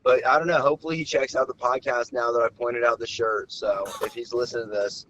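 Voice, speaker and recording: A man leaving a recorded voice message for a podcast, telling an animated story and getting loud when he quotes himself. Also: medium pitch, fast, muffled recording, slight background noise. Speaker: caller.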